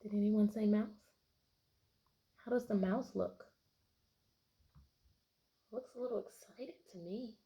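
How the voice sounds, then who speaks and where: Lady teacher reading a kids' book out loud, stops to ask questions, sometimes goes quiet and hushed. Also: mid-range voice, slow, pauses often, highs cut off. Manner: asks many questions, bright storybook emphasis on narration. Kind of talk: picture-book read-aloud lesson for children.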